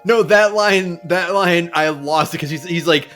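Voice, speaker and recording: A man co-hosting a casual podcast, talking excitedly and swearing as he laughs about a video game's scenes. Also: sits high, brisk, few pauses, faint music behind. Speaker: podcast co-host. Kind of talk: casual chat.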